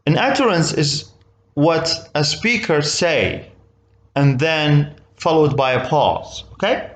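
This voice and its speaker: Male teacher with an Arabic accent, patient and explanatory, voice a touch high with animated intonation. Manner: explains slowly, checks understanding with "okay?". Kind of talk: recorded English lesson.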